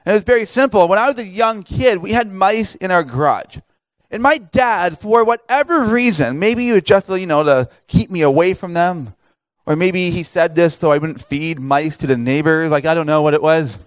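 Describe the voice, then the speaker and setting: A man speaking at a camp, telling a funny story in a lively way with many fillers and laughs before turning it into a sermon. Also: high voice, normal speed. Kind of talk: humorous sermon to campers.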